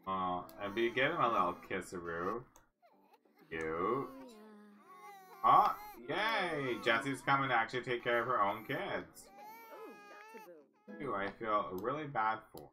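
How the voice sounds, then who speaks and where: A woman's voice: extremely low pitch, lively intonation, a little slow, long pauses, pushed and bright, faint music behind. A woman giving casual let's-play commentary, chatty and cooing at the game characters. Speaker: gaming channel host.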